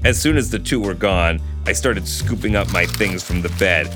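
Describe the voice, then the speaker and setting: A man's voice: sits low, normal speed, over music. A man reading a novel aloud and chatting about it with a co-host. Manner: lively narration with laughs in the chat. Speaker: reader and co-host.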